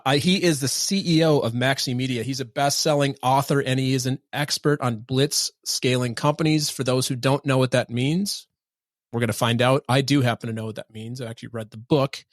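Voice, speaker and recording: Man, podcast host, from Minnesota, casual, friendly, self-deprecating, mid pitch, dry close sound. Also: fairly even intonation, brisk, no room sound. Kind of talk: casual interview chat.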